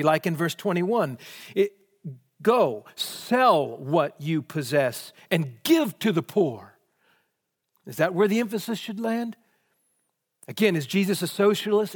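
A man's voice: high-pitched, in a large hall. A man preaching a sermon, posing question after question before answering them emphatically.

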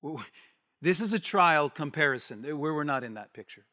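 A man preaching an expository sermon, animated, acting out the voices in the passage he reads. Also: a little high, moderate pace, in a large hall. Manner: animated, acts out the bystanders' challenge.

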